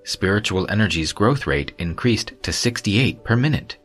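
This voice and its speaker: A man voicing a game-like system interface that announces upgrades in a flat, formal way. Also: fairly low pitch, moderate pace, soft background music, voice pushed up. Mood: announcing.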